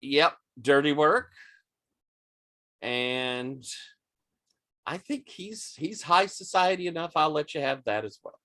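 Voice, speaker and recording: Slow-talking male game master. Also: a little high, animated, a bit bright. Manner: unhurried descriptive narration with laughs. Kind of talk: narrating a tabletop game.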